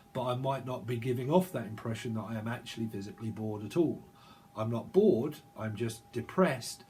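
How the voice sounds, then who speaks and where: A man's voice: mid-range voice, darkish tone, slight background noise. A man giving a channelled tarot reading, rambling and repeating words over and over in long chanted strings. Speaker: tarot reader.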